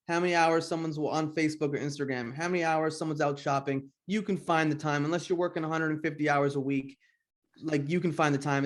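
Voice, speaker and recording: A man hosts a podcast in loose, conversational talk, blunt and quick to swear. His voice sits a bit above the usual male range. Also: fairly high pitch. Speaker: podcast host.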